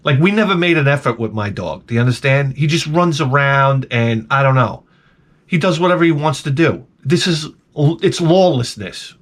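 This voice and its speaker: Animated, rambling man ranting. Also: medium pitch, normal speed. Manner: rambling, profane, animated storytelling. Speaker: vlogger. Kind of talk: casual comedic rant.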